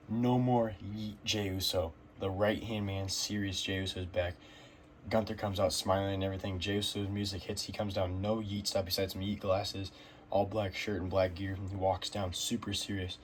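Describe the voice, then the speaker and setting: A man's voice: low-pitched, slight background noise. A man casually recapping a wrestling show, rambling with fillers and giving blunt opinions.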